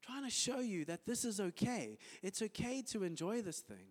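A man's voice: sits high, normal speed. A man with a South African accent preaching a sermon in a church, acting out little everyday conversations as he talks. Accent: South African English. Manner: animated preaching, acts out little dialogues. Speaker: pastor. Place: church hall. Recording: church hall reverb.

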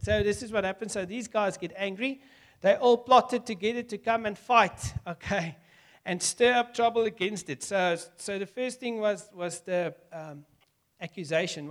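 A man preaching a sermon, acting out lively back-and-forth dialogue with God and laughing often. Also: sits high. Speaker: pastor.

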